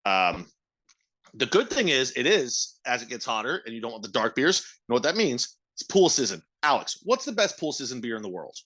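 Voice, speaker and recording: Guy cohosting a podcast, swears a lot, hypes everything, bright punchy voice, mid pitch. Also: big pitch swings, brisk. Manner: loud, swears freely, hypes things up. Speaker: podcast co-host. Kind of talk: casual podcast chat.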